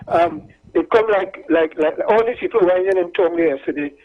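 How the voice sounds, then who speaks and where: A high-pitched caller speaking at a normal pace rambles through stories on a talk show, repeating himself. The casual call-in chat comes through a tinny phone line.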